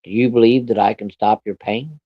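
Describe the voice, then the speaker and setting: A man's voice: mid-range voice, fairly even intonation, brisk, breathy edge, dry recording, natural voice. A man quoting a stern, bossy old woman witch in his own plain voice, on a dull lo-fi recording.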